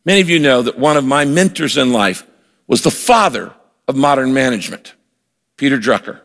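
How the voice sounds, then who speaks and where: Older male pastor preaching, gravelly voice. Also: medium pitch, animated, fairly quick, fairly bright tone. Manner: earnest, emphatic preaching with repeated words and quoted asides. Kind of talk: sermon. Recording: long hall reverb.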